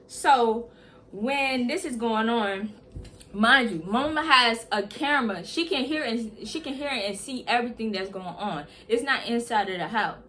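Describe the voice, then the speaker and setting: A young woman tells a storytime on her vlog, animated and emphatic, with plenty of slang. Her voice is bright and sharp and sits a little high. Faint ambient noise runs underneath. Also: a little slow. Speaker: vlogger.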